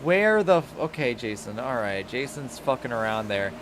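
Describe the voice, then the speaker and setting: A man doing casual race commentary, swearing freely and getting loud for the action. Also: mid-range voice, normal speed. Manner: loose, swearing, rising to excited calls. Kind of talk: casual sim-racing commentary. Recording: noisy background.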